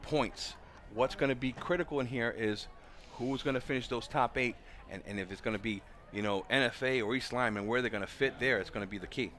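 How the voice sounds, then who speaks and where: A man who coaches track, giving color commentary at an outdoor meet and telling lively stories. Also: medium pitch, a little fast. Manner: animated storyteller, voices quoted people loudly. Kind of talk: live sports commentary with storytelling.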